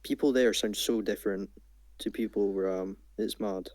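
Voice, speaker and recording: A young Scottish man, calm and well-spoken, chatting as a podcast guest. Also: normal speed, no echo. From Scotland. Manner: deep, calm, well-spoken, laid-back. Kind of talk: casual podcast chat.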